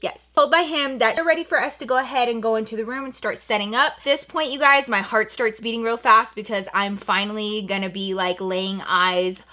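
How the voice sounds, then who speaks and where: A young woman with a bright, forceful voice tells a storytime as a makeup vlogger. She talks in an animated, expressive way, full of slang and quoted dialogue, and sits a little higher than most women. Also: a little fast, few pauses. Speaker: makeup artist and YouTuber. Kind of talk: storytime vlog while doing makeup.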